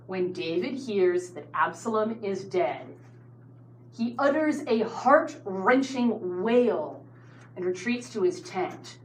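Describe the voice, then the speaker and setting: In a roomy setting with faint noise, a woman teaching Bible study tells the story to her students and adds lively asides. Her pitch is medium and her pace slow.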